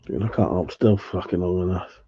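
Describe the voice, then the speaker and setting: A man's voice: deep voice, fairly even intonation, moderate pace, breathy edge, muffled recording. A man hosting a casual live chat stream, laid-back and tired, who swears freely as he chats to viewers. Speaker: livestream host.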